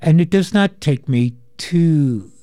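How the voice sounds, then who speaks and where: A man hosts a call-in radio show, speaking slowly and deliberately with many pauses and fillers. His voice is mellow and dark in tone, and it sounds dry and close, with no room echo. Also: a little high, animated. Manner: slow, thoughtful, with pauses and fillers.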